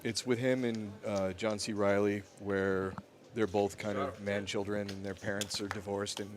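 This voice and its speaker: A man's voice: fairly low pitch, little pitch movement, moderate pace. A man co-commentating a poker stream in a dry, matter-of-fact, bantering way. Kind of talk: casual live commentary.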